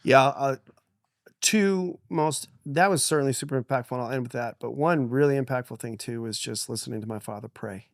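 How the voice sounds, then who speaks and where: Middle-aged pastor telling a lively story. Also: male voice, mid-range voice, a little fast, no echo, studio quality. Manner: animated, laughs often, acts out quotes. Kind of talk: storytelling on a podcast.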